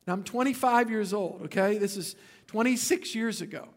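High-voiced pastor preaching. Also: male voice, moderate pace. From Louisiana. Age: 50s. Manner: animated storytelling with joking asides to the congregation. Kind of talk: sermon.

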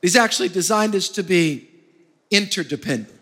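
A man's voice: high-pitched, lively intonation, moderate pace, a bit bright, husky, long reverb tail. A male pastor preaching a sermon, emphatic, prompting his congregation to answer back. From United States. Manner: emphatic, call-and-response with the congregation.

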